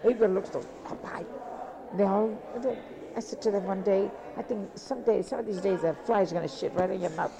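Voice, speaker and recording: An older woman from Italy, talking about her past in an interview in a rambling, repetitive, animated way. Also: mid-range voice, brisk, vocal fry. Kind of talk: casual reminiscing. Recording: crowd chatter behind.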